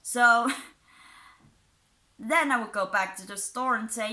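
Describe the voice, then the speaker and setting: A woman's voice: a little high, slow, long pauses, bright, forceful tone. A woman giving casual, sarcastic commentary, reading out posts and mocking them, and mentioning her own unusual accent. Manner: sarcastic, mocking, chuckles between points; self-described unusual accent. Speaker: commentary YouTuber.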